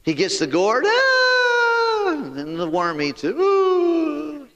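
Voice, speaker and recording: A man preaching a sermon as pastor, animated and talking straight to his congregation. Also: fairly high pitch, normal speed, long reverb tail, lo-fi sound.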